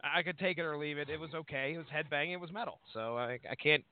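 A man's voice: fairly high pitch, quick pace. A man hosting a podcast, chatting casually through an album review, rambling and correcting himself as he goes. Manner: rambling, hesitant, self-correcting. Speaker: podcast host. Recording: tinny phone-like line.

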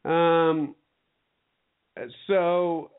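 A man's voice: a little high, little pitch movement, extremely slow, clear, resonant tone. Joking male host, tinny phone-like sound. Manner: joking, playful quizmaster. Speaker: show host. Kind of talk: casual chat show quiz.

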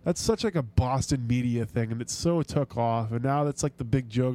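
A man's voice: mid-range voice, normal speed, hardly any pauses, mellow. A man hosting a sports podcast, chatting casually and ranting with swearing and frequent restarts. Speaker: podcast host.

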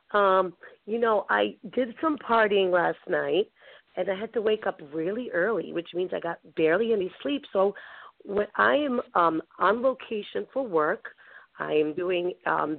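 A woman host speaks over a tinny phone line, her voice a little strained after a late night out. She talks excitedly and rambles, full of fillers and laughter. The sound is dry and close. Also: mid-range voice, normal speed, gravelly, dry recording. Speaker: show host. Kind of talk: casual call-in chat.

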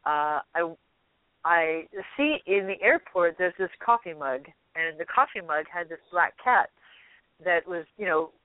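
A woman guest telling a story in a lively way, laughing often and acting out what people said. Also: lowish voice, measured pace, no echo. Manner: animated, laughs often, acts out quotes. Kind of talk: casual storytelling. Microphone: telephone. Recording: tinny dry phone line.

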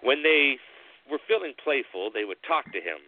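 A man hosting a show, narrating a spooky story with slow, dramatic pauses. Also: mid-range voice, big pitch swings, a little hiss or hum. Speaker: storyteller host. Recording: tinny phone-like line.

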